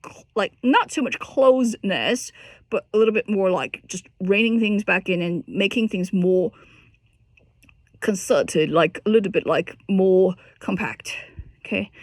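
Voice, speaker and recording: A woman's voice: mid-range voice, dry recording, clean studio sound. A woman teaching a singing lesson, explaining technique with lots of restarts and breaking into short sung and spoken demonstrations.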